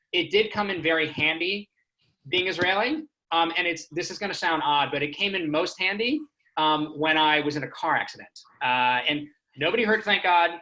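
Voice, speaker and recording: A man's voice: sits high, pushed and bright, poor audio. A man from Houston, Texas doing a stand-up comedy set with self-deprecating storytelling. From Houston, Texas, United States. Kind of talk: stand-up comedy on a remote stream.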